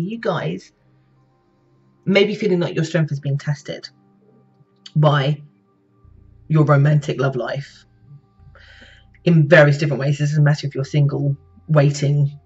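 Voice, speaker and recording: A woman's voice: low voice, darkish tone, slightly rough, muffled recording. A woman psychic reader giving a casual, chatty horoscope reading that speaks straight to her viewers. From Britain. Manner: chatty, conversational, addresses viewers directly.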